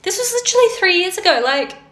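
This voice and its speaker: Australian woman, storyteller, bright high voice, disbelieving and amused, roomy sound. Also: big pitch swings, quick pace. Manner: chatty, laughing in disbelief. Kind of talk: casual storytelling.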